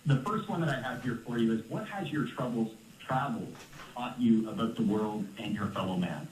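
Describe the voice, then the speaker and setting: A man hosting a radio interview, asking measured, polite questions. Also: mid-range voice, slight background noise. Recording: roomy with faint ambience.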